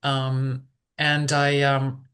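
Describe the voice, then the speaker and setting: A woman guest recounting a personal story on a podcast, her bright, clear tone carrying real emotion. She speaks hesitantly, circling back over words with fillers and restarts. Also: a bass voice, completely flat delivery, extremely slow. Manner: openly emotional, vulnerable.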